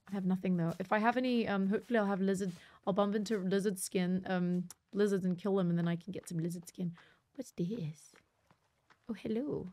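A woman live-streaming a co-op survival game, chatting with viewers and teammates and reacting loudly when startled. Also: medium pitch. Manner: chatty, talks to viewers, jumpy loud reactions. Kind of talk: live co-op gameplay chat.

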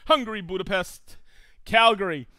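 A live show host talks in a high, sharp voice at a moderate pace, with a dry recording. During casual live-stream chat he's upbeat and jokey, reading viewers' locations aloud and trading jokes with his crew.

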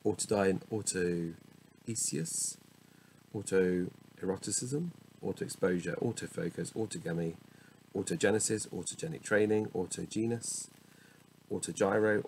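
A man's voice: low voice, a little mellow, a little hiss or hum, rough recording. A man reading dictionary entries aloud one after another, muttering and correcting himself with wry asides. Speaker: solo reader of a dictionary. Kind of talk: reading word lists aloud.

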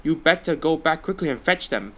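A man's voice: fairly high pitch, animated, fairly quick, fairly bright tone. A man voicing a friendly, matter-of-fact male railway signalman in a storybook reading.

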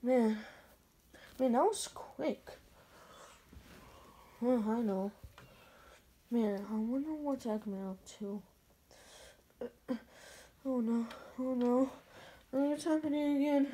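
A woman's voice: fairly high pitch, lively intonation, slow, pauses often, warm tone, a little hiss or hum. A woman acting out a toy adventure, voicing several characters with hesitant fillers and repeated words. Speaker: toy play narrator.

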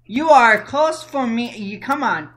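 A woman's voice: on the high side, lively intonation, unhurried, a bit bright. A woman hosting a casual internet radio show, taunting a rival with stumbling restarts.

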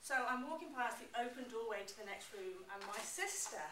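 An animated woman presenting to a class, her voice fairly high and bright. She is picked up from a distance in a roomy, echoing space. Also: a little fast, a little hiss or hum. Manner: animated, expressive. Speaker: public speaking presenter. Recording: roomy echo, mic from afar.

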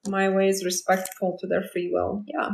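A woman's voice: mid-range voice, flat delivery, moderate pace, vocal fry, reverberant. A woman hosting a casual live stream as a manifestation coach, talking confidently and chattily to viewers. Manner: confident, chatty, acts out quoted lines.

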